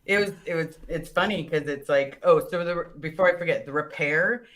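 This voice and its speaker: Bright-voiced woman chatting haltingly. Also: low-pitched, a little hiss or hum. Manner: halting, self-correcting remarks. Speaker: guest. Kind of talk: casual chat.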